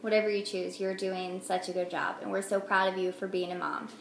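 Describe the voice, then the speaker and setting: A woman's voice: medium pitch, little pitch movement, fairly quick, vocal fry. A young woman, a mom vlogger, talking frankly and earnestly to the camera in a casual way, with frequent ums. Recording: echoey room with faint noise.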